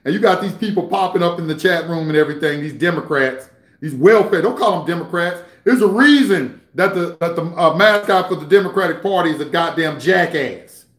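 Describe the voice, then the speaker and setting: A man's voice: a little high, a little fast, a bit bright, echoey room. A man hosting an internet radio show, delivering a heated, confrontational, profane monologue. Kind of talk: ranting monologue.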